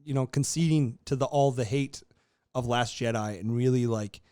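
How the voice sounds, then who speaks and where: A young man co-hosting a podcast, ranting in casual chat with lots of swearing and animated outbursts. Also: medium pitch, normal speed, smooth. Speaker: podcast co-host.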